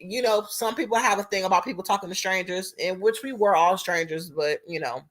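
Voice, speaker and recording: A young woman, telling a casual storytime story in an animated, profane, chatty way. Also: medium pitch, a little fast.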